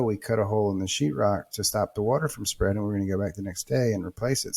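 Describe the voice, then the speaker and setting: A man's voice: lowish voice, vocal fry. A man, a podcast guest and real estate investor, telling a story casually, swearing and acting out quotes. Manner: animated, swearing, acts out quotes.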